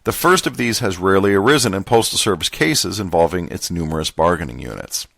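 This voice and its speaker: A man reading a contract manual aloud in a put-on Southern gentleman voice, measured and formal. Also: deep voice, animated, gravelly, dry recording, full character voice. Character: genteel Southern gentleman reading legal text.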